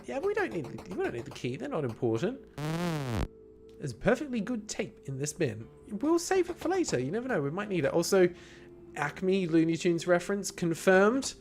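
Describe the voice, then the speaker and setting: Livestreaming a horror game, a man chats playfully and casually with his audience. His voice is high-pitched and a little mellow.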